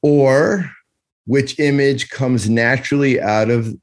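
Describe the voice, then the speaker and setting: A man co-hosting a podcast, arguing in a joking, animated way and slipping into impressions. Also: mid-range voice, takes it slowly. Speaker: podcast co-host. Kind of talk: casual debate chat.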